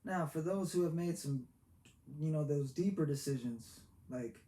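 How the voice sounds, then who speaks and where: A man giving a heartfelt, preachy motivational talk, halting and repeating himself as he goes. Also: fairly high pitch, dark tone. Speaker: motivational vlogger. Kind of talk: earnest motivational monologue. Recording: echoey room with faint background hiss.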